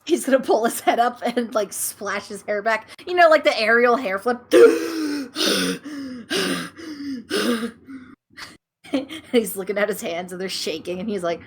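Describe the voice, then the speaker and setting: A woman's voice: on the high side, animated, takes it slowly, slightly rough. A woman narrating as game master of a tabletop game, laughing often.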